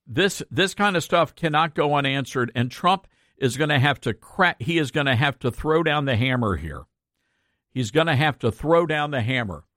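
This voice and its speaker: A man's voice: a little high, fairly bright tone, dry recording, clean studio sound. A man hosting a talk radio show, earnest and impassioned, often repeating himself for emphasis.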